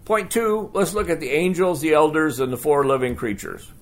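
A man preaching a sermon as pastor, conversational and animated, asking the congregation rhetorical questions. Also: fairly high pitch, moderate pace.

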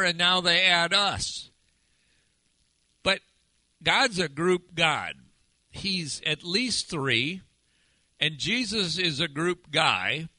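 Male pastor, slightly high voice, conversational sermon full of questions, dry recording. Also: sharp tone, no room sound, poor audio. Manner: conversational, asks the congregation questions.

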